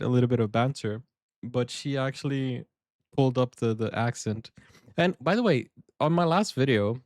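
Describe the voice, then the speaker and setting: Male reaction host, jokey banter, laughs a lot, medium pitch, dry close mic. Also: darkish tone, no room sound. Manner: joking, laughs often, explains his banter. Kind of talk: casual reaction commentary.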